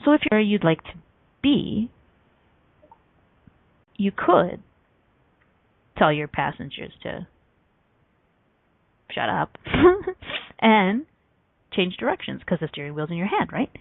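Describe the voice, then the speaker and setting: Gravelly-voiced woman hosting a radio talk. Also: mid-range voice, slow pace, long pauses, dry recording. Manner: animated storytelling, acts out quoted voices; laughs often between points. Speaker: radio show host. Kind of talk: motivational talk show monologue. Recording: tinny phone-like line, dry.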